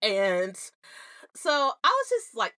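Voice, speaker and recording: A woman co-hosting a casual chat show, telling family stories in an animated, blunt way and laughing often. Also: medium pitch, slow pace, dry recording, studio quality. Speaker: podcast co-host.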